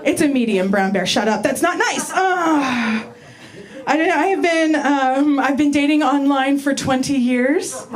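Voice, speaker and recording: A woman's voice: high voice, unhurried. A woman in her forties doing a stand-up comedy set, chatty, crude and self-mocking, in front of a live audience. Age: 40s. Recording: live room with crowd noise. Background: audience laughter.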